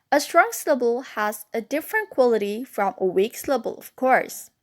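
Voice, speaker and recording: A young woman narrating a scripted lesson, carefully sounding out vowels and letters one at a time. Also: a little high. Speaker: teacher.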